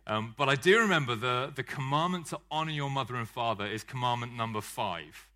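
Bright-voiced man preaching. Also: medium pitch, brisk. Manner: conversational, joking, self-deprecating. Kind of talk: sermon.

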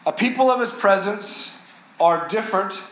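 An expressive male pastor delivers an earnest sermon at normal speed in a high, bright voice. He builds on key lines and turns soft and low when things get tender. Strong church-hall echo surrounds him, with faint noise below.

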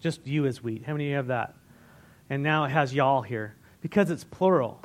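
A man's voice: mid-range voice, a little fast. A man preaching a sermon in a conversational way, asking the congregation questions and retelling scripture in everyday words. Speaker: pastor.

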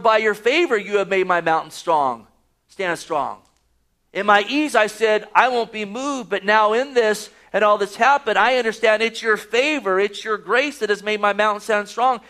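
A man's voice: high-pitched, sharp tone. A man preaching a sermon, reading scripture aloud and pressing his points with rising emphasis. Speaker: pastor.

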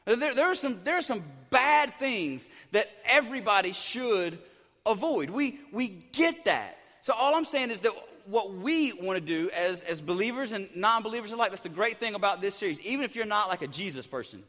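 A middle-aged pastor preaching a sermon, hyper and excited, tumbling through restarts and repeated words. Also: male voice, sits high, moderate pace. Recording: big hall reverb.

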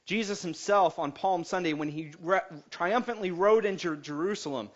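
High-pitched guy preaching in church, loud then soft, cracks jokes, kinda muffled recording. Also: moderate pace. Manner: energetic preaching with swings between loud and soft; jokes with the congregation. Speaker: pastor. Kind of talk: sermon. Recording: dull lo-fi recording.

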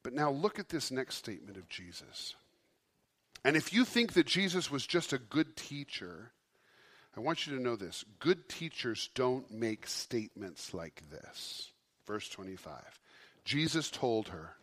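A man preaching a sermon as pastor, impassioned, swinging from loud emphasis down to a soft hush. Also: medium pitch, sing-song, unhurried.

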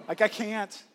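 A man preaching a sermon as pastor, in a conversational way, acting out quotes and laughing lightly as he teaches. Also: fairly bright tone.

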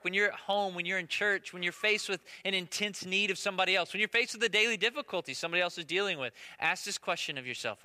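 A pastor in his thirties with a high, sharp voice delivers a conversational sermon, frequently checking in with "right?" The recording carries the long echo of a large hall.

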